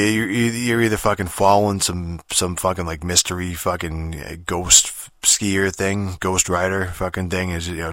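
A man's voice: low voice, fairly bright tone, dry recording, studio quality. A man giving a casual, rambling game review, swearing constantly and full of fillers and restarts.

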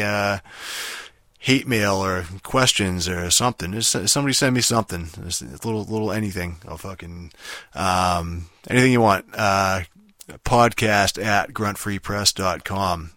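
Rambling, swearing low-voiced man. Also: sharp tone, no room sound, clean studio sound. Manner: constant swearing, rambling, many fillers. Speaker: podcast host. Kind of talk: casual profane game review monologue.

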